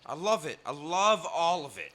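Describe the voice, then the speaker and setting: A young man, talking on a podcast in a fairly high, very bright and cutting voice. He rants loudly and swears freely, slipping into mocking impressions of other people. The tone is casual, animated and heated. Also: normal speed. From Canada. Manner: profane, ranting, mimics others in put-on voices. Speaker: podcast guest.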